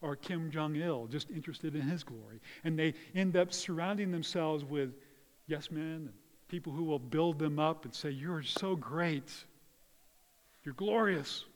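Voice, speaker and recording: Guy preaching, kinda high voice, earnest, goes soft then loud, long echo from the hall. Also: moderate pace. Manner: earnest, varies between hushed and loud emphasis. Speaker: pastor. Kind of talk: sermon.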